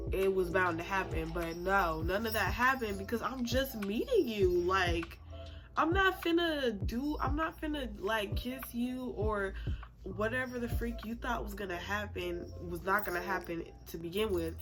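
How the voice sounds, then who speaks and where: A young woman recounts a personal story in a casual, chatty way, full of slang and expressive asides. Her voice sits in an ordinary middle range. Music plays clearly beneath her. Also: mid-range voice. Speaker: vlogger. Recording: music playing under the voice.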